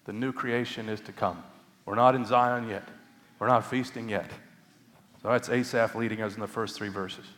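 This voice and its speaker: A man's voice: medium pitch, fairly bright tone, long reverb tail. A man preaching a sermon as pastor, earnest and conversational with light humor.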